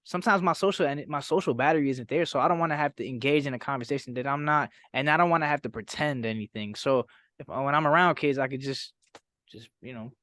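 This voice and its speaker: A man talking casually as a podcast guest, halting and searching for words with casual slang. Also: medium pitch, fairly bright tone, no echo, clean studio sound. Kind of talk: casual chat.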